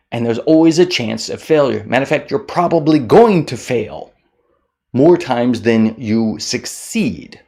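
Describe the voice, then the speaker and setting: A man giving a motivational talk to camera, animated, mocking common excuses in whiny voices. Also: medium pitch. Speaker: motivational speaker.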